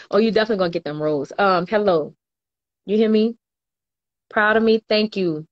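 A woman's voice: medium pitch, moderate pace, dull audio. Chatty young woman reading comments. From New Orleans, US. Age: 20s. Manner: chatty, laughs often, slangy, reads comments aloud. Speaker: livestream host. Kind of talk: casual livestream chat reading viewer comments.

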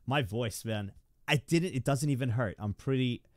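A man's voice: medium pitch, moderate pace, dry recording, studio quality. A young man streaming from home, rambling and stammering as he thanks his viewers. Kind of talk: live stream chat.

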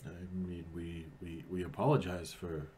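A man's voice: deep voice, little pitch movement, measured pace, mellow, slight background noise. A man playing a tabletop game, joking and playful as he speaks for his character. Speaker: player.

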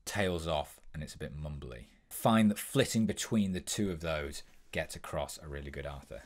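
A young man talks through an impressions tutorial in a brisk, instructive manner, pausing now and then with an um. His voice is low and even. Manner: brisk, instructive, with frequent ums. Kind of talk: tutorial explanation.

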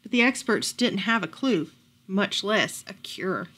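A woman reading a picture book aloud at a library storytime, expressive and lively. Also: mid-range voice, a little slow, slight background noise.

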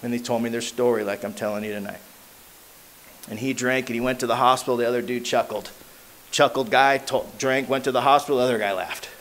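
A man's voice: steady tone, fast, slight background noise. A man with a Southern Californian accent telling his recovery story at a meeting in street slang, acting out the voices of people in it. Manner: street slang, lots of "man" and "you know what I mean"; acts out voices with big jumps in pitch and loudness. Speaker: AA meeting speaker.

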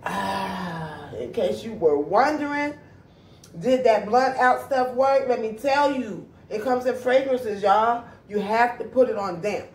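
Speaking unhurriedly in a fairly high voice, this vlogger addresses her audience directly in a relaxed, chatty home video shot around the house and backyard. The camera mic picks her up from a distance, leaving a spacious echo.

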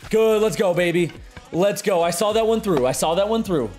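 A young man giving excitable live commentary on his own video game play, muttering one moment and shouting the next. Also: high voice, normal speed, soft background music. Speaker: gaming streamer.

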